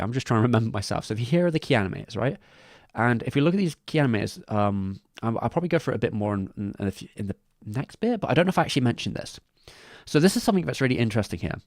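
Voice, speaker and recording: A man's voice: medium pitch, dry recording, clean studio sound. A man streaming live, talking casually about animation credits, with many restarts and asides. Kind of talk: casual livestream commentary.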